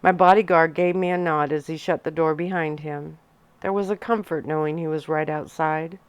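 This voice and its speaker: A woman narrating a novel in a soft-spoken ASMR reading style. Her voice is fairly low and smooth. The sound is close and dry, with no room echo. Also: steady tone, normal speed. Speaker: audiobook reader.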